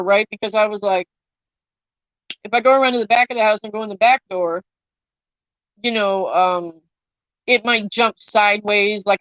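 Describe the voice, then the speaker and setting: A young woman telling viewers a long story in a casual, animated and profane way. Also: a little high, no echo, highs cut off. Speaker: vlogger, army veteran.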